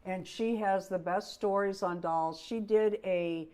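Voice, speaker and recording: A woman, co-hosting a doll livestream in casual chat, friendly and laughing often, her voice wearing out as she keeps clearing her throat. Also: medium pitch, steady tone, unhurried, darkish tone. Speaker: co-host of a doll collecting livestream.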